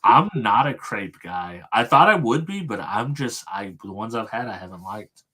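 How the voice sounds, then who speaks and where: A man with a low voice co-hosts a podcast in relaxed, casual conversation. He is easygoing, drops "dude" and "yeah" often, and tells short everyday anecdotes. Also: moderate pace, husky. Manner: laid-back, says "dude" and "yeah" often. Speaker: podcast co-host. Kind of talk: casual chat.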